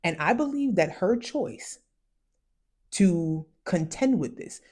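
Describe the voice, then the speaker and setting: A woman from the United States with West Indian parents, giving casual psychology commentary in a conversational, emphatic way and slowing down to stress key phrases. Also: on the low side, lively intonation, a little mellow. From United States, raised by West Indian parents. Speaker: commentary vlogger.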